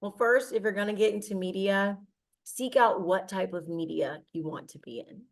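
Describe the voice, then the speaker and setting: A woman's voice with a gravelly, fry-laced texture gives advice as a guest. She speaks in a confident, direct and reassuring way, like a seasoned media personality. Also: mid-range voice, moderate pace. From Cincinnati, Ohio. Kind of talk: interview answers, giving advice.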